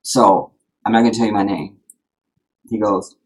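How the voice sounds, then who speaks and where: A man's voice: on the low side, steady tone, normal speed, husky, rough recording. A man hosting a live stream, telling a personal story to his viewers in a rambling, heartfelt way, full of fillers. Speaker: live-streaming channel host.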